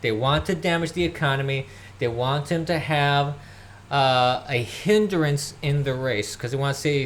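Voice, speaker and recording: At a moderate pace, a podcast host with a medium, slightly bright voice delivers a solo political monologue from home while tidying. It's a scoffing rant with mocking impressions of others and occasional coughs.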